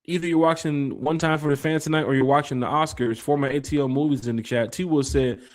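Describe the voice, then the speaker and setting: A man hosting a casual fan podcast, reading out chat comments and giving shout-outs. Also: a little high, fairly even intonation, quick pace. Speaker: podcast host. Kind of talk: casual live-stream chat.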